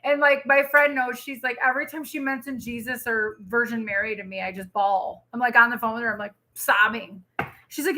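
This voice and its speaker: A young woman talks through a tarot reading for her viewers in a loose, rambling way, full of fillers and quick feeling. Her voice is bright and sits a little high. She sounds chatty and emotional. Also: fairly even intonation, a little hiss or hum. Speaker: tarot reader.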